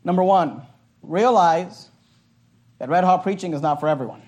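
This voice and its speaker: A male pastor preaching a sermon in an animated, joking way, at times shouting. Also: high voice, moderate pace.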